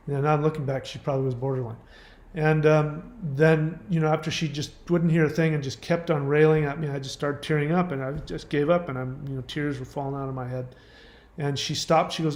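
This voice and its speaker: A man's voice: fairly high pitch, steady tone, brisk, darkish tone, reverberant. A man hosting a commentary channel, reacting bluntly and emphatically to a viewer's message and telling stories from his own life. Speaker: host.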